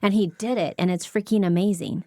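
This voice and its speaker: A woman's voice: mid-range voice, fairly even intonation, brisk, dark tone, no room sound. A woman hosting a podcast interview, chatting with guests in an enthusiastic, talkative way. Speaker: podcast host. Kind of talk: casual interview chat.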